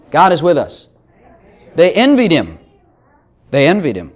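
A man's voice: a little high, wildly swooping pitch, measured pace. A man preaching a sermon, joking between passages of scripture he reads aloud. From Texas.

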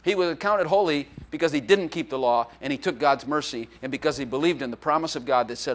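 A man's voice: on the high side, quick pace, hardly any pauses. Joking conversational male pastor. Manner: joking, conversational preaching with playful acted quotes. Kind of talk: sermon. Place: church.

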